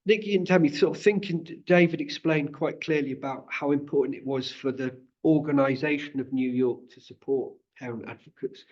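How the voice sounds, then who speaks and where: A man's voice: fairly high pitch, brisk, few pauses, a little mellow, dull audio. A man moderating a seminar panel, asking questions in a hesitant way with repeated words. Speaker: seminar host.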